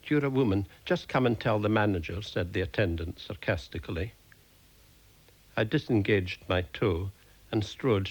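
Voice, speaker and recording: A man reading his own comic short stories aloud in a dry, deadpan manner. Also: sits low, gravelly, husky. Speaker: storyteller.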